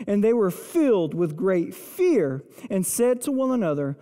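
Pastor, mellow sermon voice, dramatic scripture retelling, long church reverb. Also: mid-range voice, sing-song, measured pace, few pauses. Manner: vivid, dramatic retelling of scripture, dropping to hushed intensity. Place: church sanctuary.

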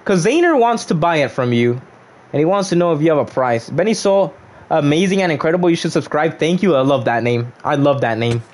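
A man's voice: on the high side, expressive, fairly quick, darkish tone. A young man casually chatting on a gaming livestream, reading viewers' chat aloud and joking back at them.

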